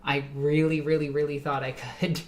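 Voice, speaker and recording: Tipsy lady streamer, low voice, rambly and giggly, chatting to her viewers. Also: level tone, moderate pace, a little hiss or hum. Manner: rambling, giggly, laughs often. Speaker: streamer reading chat. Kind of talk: casual livestream chat.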